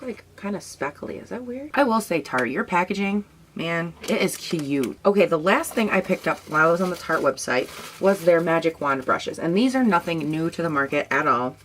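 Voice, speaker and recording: A young woman with a low, sleepy morning voice talks through new makeup products for her channel. She rambles casually, trailing off and restarting as she shows each item. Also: fairly bright tone, a little hiss or hum. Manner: chatty, rambling, tired morning voice. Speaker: beauty vlogger. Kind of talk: casual product review vlog.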